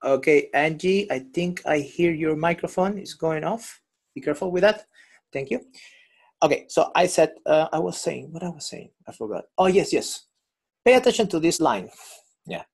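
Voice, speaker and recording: A man's voice: a little high, expressive, moderate pace, vocal fry, breathy edge. A male English teacher running an online class over a video call, patiently explaining and repeating examples.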